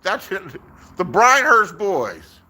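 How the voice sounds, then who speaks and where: A YouTuber from Inglewood, Los Angeles, in his sixties, records a casual vlog outdoors, telling meandering, profane tales and impersonating whoever he quotes. His voice sits high and sounds sing-song and sharp, delivered extremely slowly.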